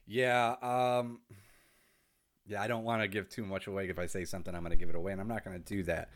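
A man's voice: low voice, steady tone, fast. A man co-hosting a podcast, easygoing and joking in rambling casual chat. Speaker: podcast co-host.

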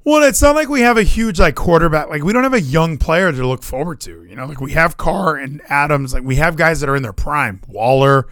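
A man's voice: a little high, fairly quick, hardly any pauses, no echo, studio quality. A young man, co-host of a podcast, talking about his football weekend in casual chat, swearing and restarting often. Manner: animated, swears, frequent fillers and restarts.

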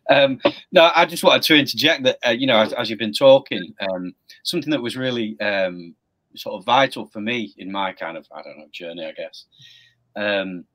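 A man speaking reflectively in conversation, hesitant with frequent pauses and ums. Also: mid-range voice, a bit bright. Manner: thoughtful, hesitant, lots of ums.

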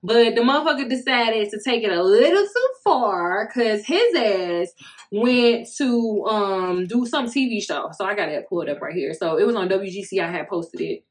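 Woman, thirties, podcast host, casual solo monologue, mid-range voice, profane, candid storyteller. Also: mid-range voice. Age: 30s.

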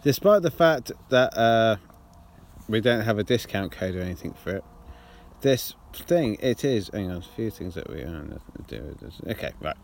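A man's voice: fairly low pitch, very animated, moderate pace, vocal fry, a little hiss or hum. A man co-hosting a podcast in casual banter, rambling and repeating himself, often laughing. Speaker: podcast co-host.

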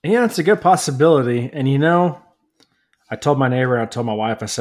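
A man from the United States co-hosting a podcast, telling long rambling stories, often laughing and growing animated as he rants. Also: medium pitch, a little fast. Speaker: podcast co-host. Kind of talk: casual chat.

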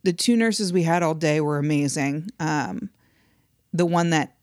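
A woman's voice: low-pitched, a little slow, a little mellow, no echo, studio quality. A tired woman, a podcast co-host and new mother, chats casually and adds short, hesitant comments. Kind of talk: casual chat.

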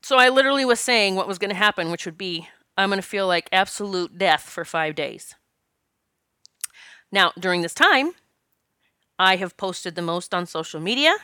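A woman's voice: medium pitch, animated, bright, forceful tone, clean tone, dry recording, clean studio sound. A middle-aged woman giving a blunt motivational talk as a spiritual life coach, swearing freely, laughing often and stretching out key words for emphasis. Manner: emphatic, drawn-out stresses. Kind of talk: motivational monologue.

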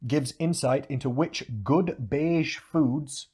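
A man's voice: a little high, slow pace, husky. Guy hosting a fitness podcast, laid back and chatty, reads bits of articles out. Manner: relaxed, chatty, laughs often. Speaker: podcast host and fitness coach. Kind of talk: casual chat.

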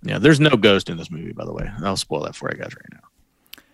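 A man's voice: low-pitched, big pitch swings, brisk, gravelly, fairly bright tone, breathy edge, no room sound, clean studio sound. A man co-hosting a casual movie podcast, chatty and joking. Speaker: podcast co-host.

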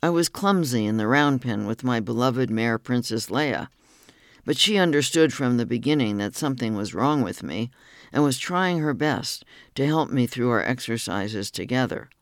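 A man reading a personal essay aloud as scripted narration, in a steady, earnest manner. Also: mid-range voice, normal speed, no room sound, studio quality.

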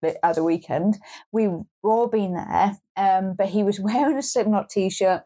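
A woman's voice: mid-range voice, a little slow, mellow. A woman co-hosting a podcast in casual chat, wry and grumbling, with lots of restarts and swearing. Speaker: podcast co-host.

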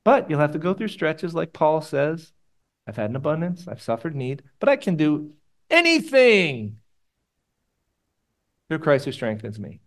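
A male pastor delivering a sermon, moving between loud exhortation and quiet, hushed prayer. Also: a little high, normal speed. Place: church room with congregation.

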